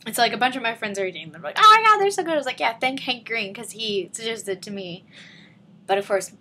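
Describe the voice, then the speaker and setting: Teenage girl, gushing fan vlog, sharp bright tone, faint room hum. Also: mid-range voice, fast talker. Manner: giggly, gushing, rambling. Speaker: vlogger. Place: living room at home.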